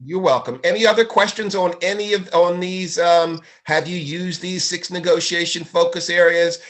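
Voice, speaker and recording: A man's voice: on the high side, a bit bright. A man hosting an online webinar, telling a long story with restarts and emphasis. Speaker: host.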